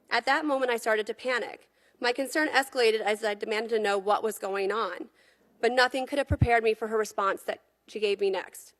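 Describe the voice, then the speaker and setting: A mother giving testimony, reading a prepared statement in an earnest, measured way. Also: fairly high pitch.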